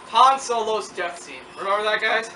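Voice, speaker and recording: A movie reviewer talking casually and excitably, rambling with lots of "like" and acting out quotes. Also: mid-range voice, normal speed, distant mic. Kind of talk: casual film review chat. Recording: echoey room from off-mic with noise.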